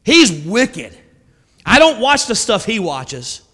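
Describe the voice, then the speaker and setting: Man doing a preening holier-than-thou church guy, pitched way up, big echoey hall. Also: sing-song, slow pace, sharp tone, slightly rough, heavily acted. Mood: smug. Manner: preening, boastful. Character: smug self-righteous churchgoing man, pompous.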